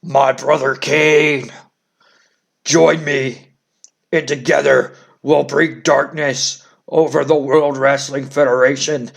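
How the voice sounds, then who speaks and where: A man voicing a brooding, vengeful undead-style wrestler, speaking slowly and ominously. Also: mid-range voice, flat delivery, vocal fry, voice pushed down. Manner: slow, ominous, vengeful speech.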